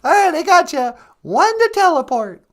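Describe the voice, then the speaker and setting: A man voicing a shrill, high-voiced companion waiting at home, chirpy and eager, in a squeaky falsetto. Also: very animated, normal speed.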